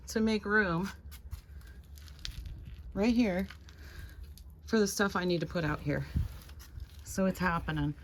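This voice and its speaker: A woman's voice: mid-range voice, a little hiss or hum. A middle-aged woman chatting casually to her viewers as she works at a storage unit, rambling and correcting herself as she goes. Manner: rambling, self-correcting, talks to viewers while working. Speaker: lifestyle vlogger. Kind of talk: casual chatty vlog narration.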